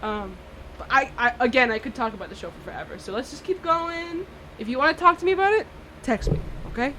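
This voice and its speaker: A woman's voice: high-pitched, lively intonation, fast, pushed and bright, slight background noise. A woman in her twenties hosting a radio show, chatting casually between songs with a rambling, laugh-prone manner full of fillers and restarts. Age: 20s.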